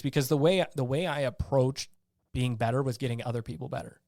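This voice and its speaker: A man's voice: medium pitch, fast talker, no room sound, studio quality. A man being interviewed as a guest, an army veteran telling blunt stories in a casual way and acting out what he and others said. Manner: animated storyteller who acts out his own past lines; blunt, salty.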